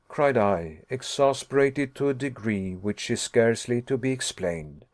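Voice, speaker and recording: A man narrating an audiobook in a measured, formal reading manner. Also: medium pitch, lively intonation, no room sound, studio quality.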